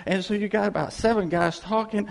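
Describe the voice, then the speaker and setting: A man preaching a sermon, telling stories in an animated way and acting out the voices of the people in them. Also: high-pitched, brisk, vocal fry, long reverb tail. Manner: animated storytelling, acting out quoted voices with laughs.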